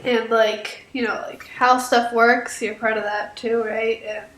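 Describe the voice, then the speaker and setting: A woman's voice: a little high, level tone, measured pace, fairly bright tone, roomy sound. A teenage girl co-hosting, stuffy from a cold, talking hesitantly with lots of fillers and giggles. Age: teens. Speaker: co-host. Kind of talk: casual interview chat.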